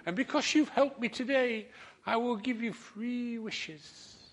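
A man voicing a polite magical talking fish in a thin, squeaky voice, speaking in short phrases. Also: measured pace, full character voice. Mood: grand.

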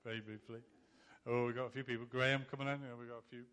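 A man's voice: mid-range voice, level tone, very fast, a bit bright, slight background noise. A man leading a church meeting, giving brief encouraging remarks and calling on people to speak. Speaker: service leader.

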